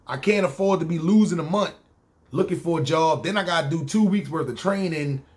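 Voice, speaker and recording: A man with a New York accent telling his own story casually on a podcast, slangy and animated. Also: on the high side, brisk. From New York City.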